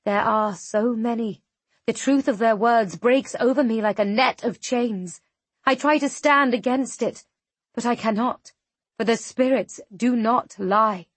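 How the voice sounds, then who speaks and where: Slow, measured woman audiobook narrator. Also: fairly high pitch, dry recording. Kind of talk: first-person audiobook narration.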